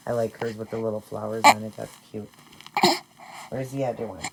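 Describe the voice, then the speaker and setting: A woman chatting casually in a vlog, talking softly and fondly while she dresses her dolls. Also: extremely low pitch, flat delivery, brisk, creaky, slightly rough. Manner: soft, doting, rambling. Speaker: doll collector and vlogger.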